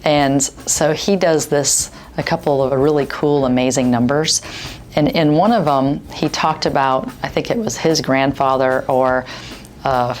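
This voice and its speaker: A woman telling a fond family memory in an interview, in a chatty, reminiscing way. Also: a bass voice. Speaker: daughter sharing memories. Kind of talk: interview storytelling.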